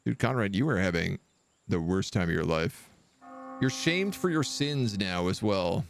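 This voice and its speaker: Chatty man with a lively, swinging voice. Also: low voice, measured pace, vocal fry. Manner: chatty, wry, thinking aloud. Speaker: streamer playing a kingdom sim. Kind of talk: casual live gameplay commentary. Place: living in Quebec.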